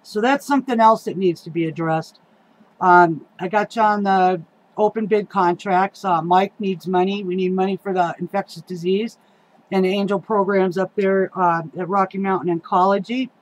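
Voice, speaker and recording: A woman's voice: medium pitch, fairly even intonation, moderate pace, rough recording. Heated, rambling middle-aged woman ranting. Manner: rambling, heated, swears often; frequent ums and uhs. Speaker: local political activist. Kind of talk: casual rant to camera.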